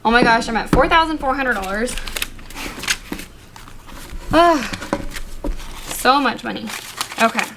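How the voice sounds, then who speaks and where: A woman's voice: fairly high pitch, animated, noisy background. Chatty young woman counting cash aloud. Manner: chatty, easily flustered, counts bills in a quick murmur. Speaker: budgeting vlogger.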